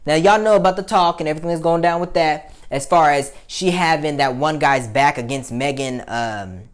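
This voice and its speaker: A woman's voice: deep voice, normal speed. A young adult woman, hosting a casual opinion commentary, blunt and heated, often profane, with many fillers. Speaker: commentary show host.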